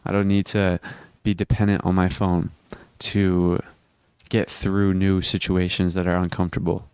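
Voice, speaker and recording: A teenage boy with a deep, smooth, clear voice that stays even and level records a casual self-improvement vlog while hiccuping. He speaks earnestly at a moderate pace, rambling and restarting sentences. The sound is close and dry, with no room sound.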